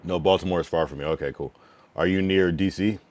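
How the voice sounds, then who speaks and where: Streamer man from New England, low voice, casual and blunt, chats with viewers and reads their messages out. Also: steady tone, a little mellow. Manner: frank, loose, reads chat messages aloud and answers them; drawn-out slang-filled musing with many fillers. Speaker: livestreamer giving feedback to chat. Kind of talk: casual livestream chat.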